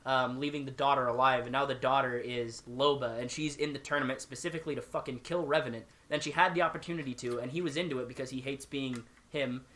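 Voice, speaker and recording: A man's voice: mid-range voice, steady tone, fast, hardly any pauses, fairly bright tone. A man co-hosting a casual gaming podcast, blunt and swearing as he rambles through explanations. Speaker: podcast co-host. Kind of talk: casual chat.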